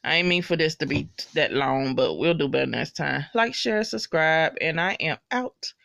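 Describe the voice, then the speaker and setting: Woman, TV recap vlogger. Brash, expressive delivery with wide pitch swings, dry room. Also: moderate pace, gravelly, no room sound. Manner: loud, slangy, profanity-laced, animated gushing. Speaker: TV episode recapper. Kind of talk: casual spoken recap.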